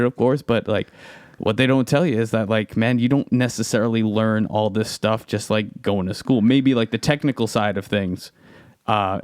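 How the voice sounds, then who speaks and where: A man's voice: on the low side, no echo, clean studio sound. A man hosting a podcast, telling stories in a chatty, casual way, full of filler words. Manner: chatty storyteller, full of "like" and "you know". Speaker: podcast host. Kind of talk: casual interview conversation.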